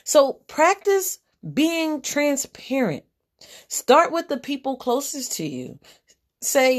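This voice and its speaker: Woman doing a spiritual reading on her podcast, swears a lot, repeats herself, kinda high voice. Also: very animated, slow. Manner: blunt, profane and emphatic, repeats her lines. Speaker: podcast host giving a general card reading. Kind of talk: spiritual reading, preachy pep talk.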